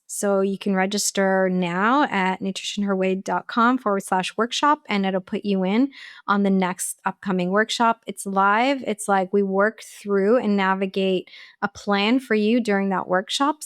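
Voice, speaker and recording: A woman nutritionist guest on a podcast, answering questions in a relaxed, conversational way. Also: medium pitch, a little slow, clear, resonant tone, dry recording, clean studio sound. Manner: relaxed, laughs easily.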